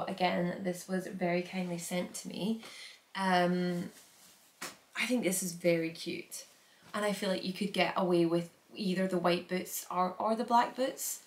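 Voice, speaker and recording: A woman's voice: fairly low pitch, reverberant. A young Scottish woman chatting casually through a packing vlog, rambling with lots of filler words. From Scotland. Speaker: vlogger.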